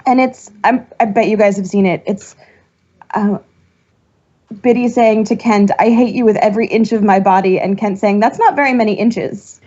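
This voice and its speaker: A woman co-hosting a fan podcast, talking casually in an excitable, rambling way with lots of laughter. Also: mid-range voice, normal speed. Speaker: podcast co-host. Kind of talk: casual chat. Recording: dull lo-fi podcast audio.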